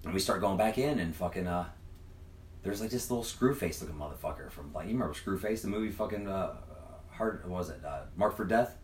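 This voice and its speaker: A man's voice: deep voice, animated, fairly quick, a little hiss or hum. A man telling a long, profane, rambling story in casual chat, acting out the other people's lines. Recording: echoey room, mic far off.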